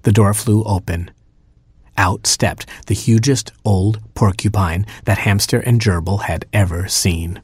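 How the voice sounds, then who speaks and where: A man narrating a children's storybook with playful expression. His voice is low and husky, recorded close and dry. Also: measured pace, no room sound. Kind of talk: storybook reading.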